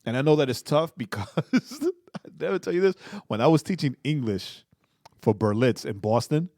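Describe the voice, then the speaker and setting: An animated man co-hosting a podcast, with a mid-pitched voice that sits in the middle for a man. He laughs often and circles back over his own lines. The recording is dry and close, with no room around it. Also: moderate pace, no room sound. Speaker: podcast co-host. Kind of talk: casual chat.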